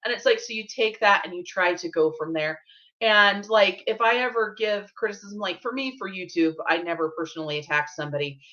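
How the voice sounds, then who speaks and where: A woman co-hosting a casual live-stream chat, talking quickly and bluntly and often asking "you know what I mean?". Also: mid-range voice, bright, forceful tone, highs cut off. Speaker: co-host of budgeting channel.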